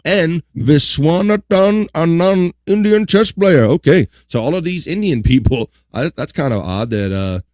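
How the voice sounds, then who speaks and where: A man's voice: on the high side, normal speed, hardly any pauses, no room sound. Casual man hosting a livestream. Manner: relaxed, joking asides, reads items aloud. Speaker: livestream host. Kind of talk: casual chat reading on-this-day history.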